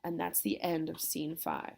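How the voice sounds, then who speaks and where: A woman's voice: low-pitched, big pitch swings, normal speed, vocal fry, darkish tone, breathy edge. A young adult woman teacher explaining a play in a casual, chatty lesson, often checking in with "okay?".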